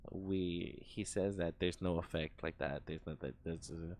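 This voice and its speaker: Low gravelly streamer, rambling and profane. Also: male voice, steady tone, a little slow, darkish tone, slight background noise. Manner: rambling and profane, full of fillers and sound effects. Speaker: live streamer. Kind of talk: casual storytelling on a live stream.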